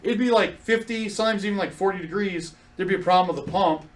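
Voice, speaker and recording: A man from South Dakota chatting casually on a podcast, a blunt and animated storyteller who acts out what people said. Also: sits high, fast talker. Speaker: podcast co-host. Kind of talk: casual chat.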